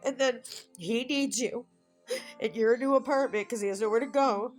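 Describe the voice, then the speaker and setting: A woman's voice: a little high, moderate pace, soft background music, poor audio. A woman in her fifties talking alone at home in a rambling, emotional personal vlog. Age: 50s. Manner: emotional, rambling, tearful at times. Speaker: vlogger.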